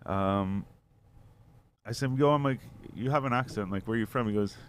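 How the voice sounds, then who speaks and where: A man's voice: lowish voice, moderate pace, slight background noise. A man co-hosting a podcast, telling a long story in a rambling way, full of fillers and swearing. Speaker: podcast co-host. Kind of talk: casual storytelling chat.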